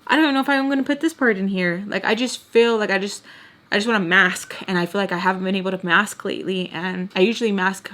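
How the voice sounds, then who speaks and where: A woman's voice: mid-range voice, steady tone, fast talker, a bit bright. Teary rambling young woman vlogger. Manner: rambling, emotional, talks straight to viewers. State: close to tears. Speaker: storytime vlogger. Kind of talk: casual emotional vlog talk.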